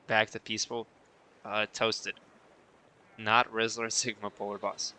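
A man's voice: fairly low pitch, flat delivery, a little slow, long pauses, pushed and bright. A man chatting casually on a live stream while he plays, reading viewer messages aloud and answering them playfully.

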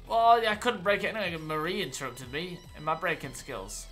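A woman's voice: sits low, a little fast, a bit bright, soft background music. A woman streaming gameplay, talking to herself with panicky outbursts, yelps and swearing. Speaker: game streamer. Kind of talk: live gameplay commentary.

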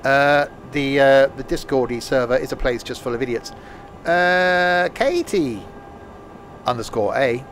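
A man's voice: medium pitch, level tone, fairly quick, hardly any pauses. A man casually chatting while live-streaming a train game, rambling and joking to himself and his chat at a home desk mic.

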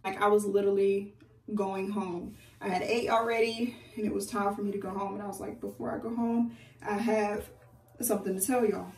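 A young woman, a beauty vlogger, chatting casually with viewers in an animated way as she tells a personal story during a hair routine at home. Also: mid-range voice, normal speed, distant mic. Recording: echoey room, away from the mic.

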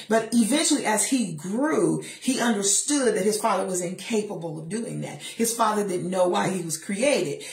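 A middle-aged woman speaks at a medium pitch, delivering a faith-based motivational talk while seated. She is emphatic and sassy and drops quick asides. The room adds a noticeable echo. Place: seated in a chair.

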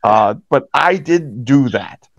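Animated man telling referee stories. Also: takes it slowly, creaky, dry recording. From Pittsburgh area, USA. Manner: animated storyteller, acts out quotes with jumps in pitch. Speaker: hockey referee, guest. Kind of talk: casual interview chat. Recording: dry, slightly dull podcast audio.

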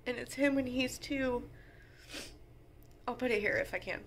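A woman's voice: a little high, steady tone, normal speed, a little hiss or hum. A woman, talking casually and sentimentally to the camera at home as a mom vlogger. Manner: chatty and sentimental, talks straight to the viewer.

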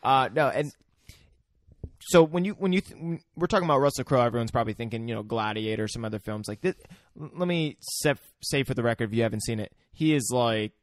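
A man's voice: medium pitch, fast. A young man co-hosting a podcast, talking casually and hesitantly, with many restarts. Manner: hesitant, full of restarts and fillers. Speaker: podcast co-host. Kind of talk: casual chat.

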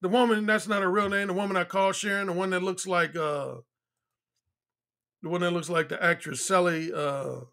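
A man's voice: sits high, steady tone, moderate pace, gravelly, pushed and bright. A man, a dating coach, telling stories and giving advice in a boastful, emphatic way, often repeating his lines. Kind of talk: casual monologue to viewers.

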